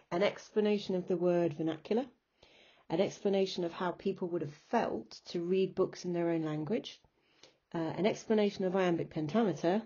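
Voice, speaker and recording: A woman's voice: fairly low pitch, warm tone, slightly rough, lo-fi sound. A woman teacher giving a recorded remote lesson, patiently explaining step by step and chanting rhythms aloud. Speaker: English teacher.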